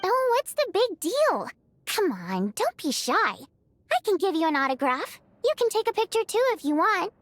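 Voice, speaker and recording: An actress voicing a lively, chatty young female lead singer in a video game, excitable and teasing. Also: very high-pitched, moderate pace, no room sound, exaggerated voice. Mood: cheerful.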